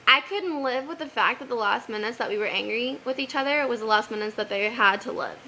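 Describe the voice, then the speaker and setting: Bright high-voiced earnest young woman. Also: a little fast, slight background noise, low-quality recording. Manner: earnest, animated, quotes Bible verses. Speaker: vlogger giving advice. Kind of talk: casual advice vlog.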